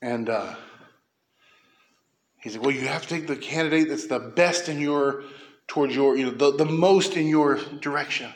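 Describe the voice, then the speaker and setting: A man preaching a sermon as pastor, impassioned, swinging from quick asides to slow, emphatic declarations. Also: mid-range voice, reverberant.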